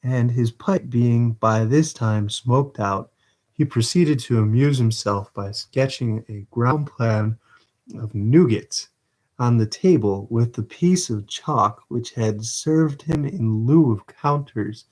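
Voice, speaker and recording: A man's voice: mid-range voice, slow pace. Man casually reading a novel aloud. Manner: relaxed, self-deprecating asides. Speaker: livestream reader.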